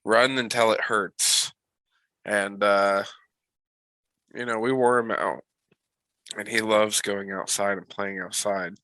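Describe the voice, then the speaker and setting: A man chatting on a podcast while sick with a cold, telling stories in a profane, animated way. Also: fairly low pitch, slow, pauses often, dry recording, poor audio. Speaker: podcast co-host. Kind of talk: casual chat.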